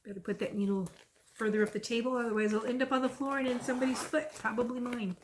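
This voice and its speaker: A middle-aged woman with a drawl talks through her cross stitch projects in a relaxed, rambling way. Her voice sits a little high, and she gets lively as she tells a story. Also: fast talker, a little hiss or hum. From Texas. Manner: chatty, rambling, lively when retelling stories. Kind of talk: casual chat and storytelling.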